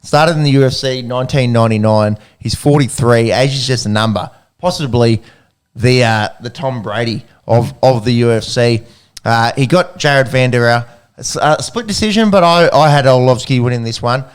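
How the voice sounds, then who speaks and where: A man's voice: mid-range voice, normal speed, clear, resonant tone. An Australian man co-hosting a sports podcast in casual, joking chat, with a loose swearing delivery. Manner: banter, swearing, laughing. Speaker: podcast co-host.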